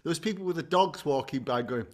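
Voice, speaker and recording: A man's voice: on the high side, expressive, fast. Bawdy, rambling male co-host. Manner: rambling, bawdy storytelling with bursts of laughter. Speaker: podcast co-host, agony uncle. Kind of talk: casual comic chat.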